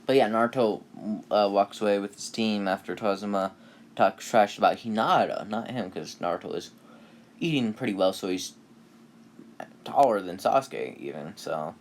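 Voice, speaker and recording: A young man with a low, deep voice tells a fan-made story in a loose, rambling way. He leans on fillers and restarts, swears offhandedly, and sounds half-distracted by the video game he is playing. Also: moderate pace, slight background noise. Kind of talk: casual rambling fan-fiction retelling.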